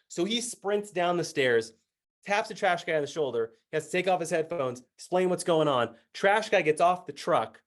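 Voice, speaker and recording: A man telling a personal story as a speaker, animated and acting out the other people's lines with voices, and laughing as he goes. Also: a little high, fairly quick. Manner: animated, acts out dialogue with voices.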